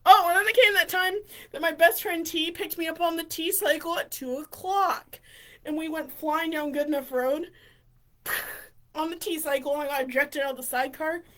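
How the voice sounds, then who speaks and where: A woman vlogger telling funny stories in an excitable, rambling way, giggling and restarting often. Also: high-pitched, moderate pace. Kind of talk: casual storytelling.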